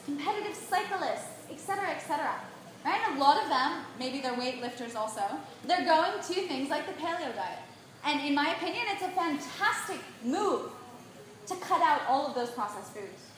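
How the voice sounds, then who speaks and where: A woman giving an animated lecture on diet to a live audience, often checking in with a quick "right?". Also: high voice. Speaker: nutrition speaker. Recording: very echoey room, faint background noise.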